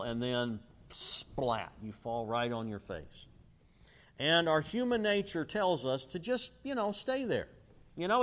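Man preaching with long hall reverb. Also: a little high. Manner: emphatic, asks rhetorical fill-in questions. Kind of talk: sermon.

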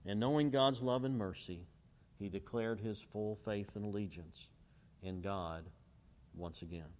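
A male preacher delivering a sermon in an emphatic way, pausing to let listeners fill in the end of his questions. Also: fairly low pitch, darkish tone. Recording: long hall reverb.

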